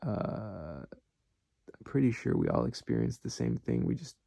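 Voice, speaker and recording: A man's voice: mid-range voice, animated, unhurried, gravelly, mellow, no echo, studio quality. A man talking alone to the camera in a rambling, candid monologue, swearing freely as he goes. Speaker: vlogger.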